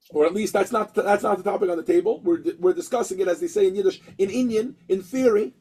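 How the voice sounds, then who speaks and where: A man's voice: high-pitched, a little mellow, slightly rough, rough recording. A man teaching a lesson, telling a story and acting out the characters with many restarts.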